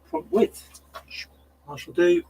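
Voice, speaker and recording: A man's voice: slow, mellow, slight background noise, poor audio. A man live-streaming from his home workshop, chatting casually to viewers and thinking aloud between tasks. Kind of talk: casual chat while working.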